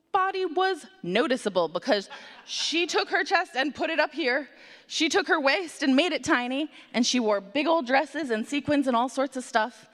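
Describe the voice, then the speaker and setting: A woman telling a story to children and the congregation at a worship service, in an animated, conversational way with playful asides. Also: medium pitch. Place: church sanctuary. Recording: long hall reverb.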